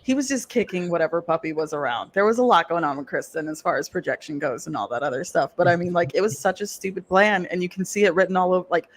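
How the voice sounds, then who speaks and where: A man talking casually on a call-in livestream, animated and blunt, swearing freely. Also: high voice, fast, few pauses.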